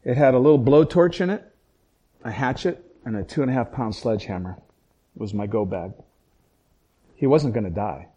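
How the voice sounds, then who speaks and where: A middle-aged man, a pastor by trade, recounts a painful family story in conversation. He acts out each voice in the dialogue, dropping to a hush and then rising sharply with real intensity. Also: mid-range voice, moderate pace, long pauses, slightly rough. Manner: dramatic storyteller acting out quoted dialogue, swings from hushed to loud. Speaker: pastor and police chaplain. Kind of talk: emotional personal storytelling in conversation.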